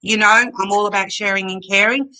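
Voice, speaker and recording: A woman's voice: mid-range voice, steady tone, brisk, pushed and bright, poor audio. A woman hosting a casual live chat from home on her computer, reading viewers' comments aloud and thanking them, chatty and at times emotional. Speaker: livestream host reading chat.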